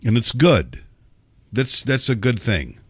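A man rambles through a talk radio monologue, sarcastic and profane, restarting his sentences. His pitch swings widely as he talks, and the sound is dry and close. He is getting over a cold. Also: sing-song, slow pace, breathy edge, dry recording. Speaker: radio show host.

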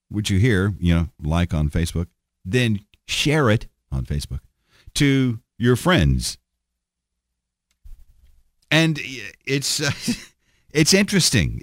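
A middle-aged man with a low voice hosts his own podcast, delivering a rambling, sardonic solo monologue full of restarts and fillers. The recording is dry with clean studio sound.

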